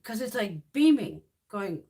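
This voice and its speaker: A woman in her fifties with a husky, medium-pitched voice speaks a little slowly while swatching makeup on a casual livestream. This beauty YouTuber tells stories bluntly and animatedly, swearing freely.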